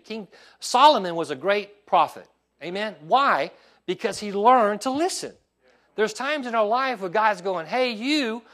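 Pastor, male, high-pitched, lively pulpit delivery, asks congregation for responses. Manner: animated preaching with call-and-response asides. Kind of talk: sermon. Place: church sanctuary.

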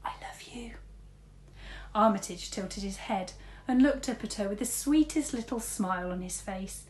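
A woman teacher reading a storybook aloud, lively, switching between big shouts and soft whispers for the characters. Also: medium pitch, normal speed, roomy sound, slight background noise.

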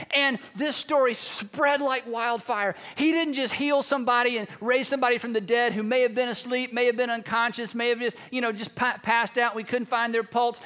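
High, bright-voiced male preacher. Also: brisk, hardly any pauses. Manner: earnest, emphatic repetition. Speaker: pastor. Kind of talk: sermon.

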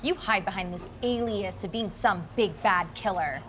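A young woman playing an impulsive, excitable young woman who becomes a hitman's partner, talking in rambling, needling bursts. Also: medium pitch, normal speed, a little hiss or hum, lightly acted. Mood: accusing, heated. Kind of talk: web series drama acting.

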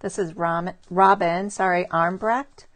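A woman's voice: on the low side, fairly even intonation, unhurried. Chatty woman showing handmade cards. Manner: chatty and admiring, greets viewers by name. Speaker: stamping demonstrator showing cards to live viewers. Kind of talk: casual live craft show-and-tell.

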